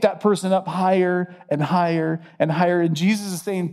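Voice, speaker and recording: A man's voice: high-pitched, fairly even intonation, normal speed, few pauses, darkish tone. A man preaching a sermon, earnest and emphatic, repeating phrases to drive points home. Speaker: pastor.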